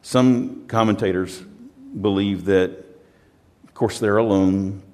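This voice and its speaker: A man's voice: fairly low pitch, fairly even intonation, takes it slowly, warm tone, long reverb tail. A pastor from the United States preaching a sermon in a conversational, storytelling way, often repeating words as he restarts.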